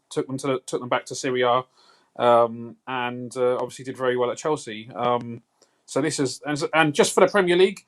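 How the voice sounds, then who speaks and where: A man's voice: mid-range voice, a bit bright. Guy calling into a live stream, lots of ums, thinks it through. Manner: thoughtful, many fillers. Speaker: caller. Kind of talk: casual call-in chat.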